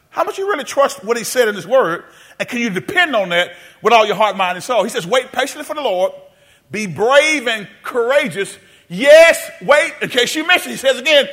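A male pastor preaching a sermon in a church sanctuary, calling on the congregation to answer back, half-singing some lines and rising to shouts. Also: sits high, lively intonation, quick pace. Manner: call-and-response preaching, sings some phrases, rises to shouts.

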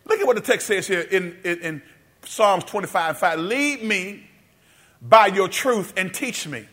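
A male preacher delivers a sermon in a church sanctuary. His voice sits high and rings bright. He calls for responses, half-sings phrases and climbs to shouts. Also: lively intonation, measured pace. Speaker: pastor.

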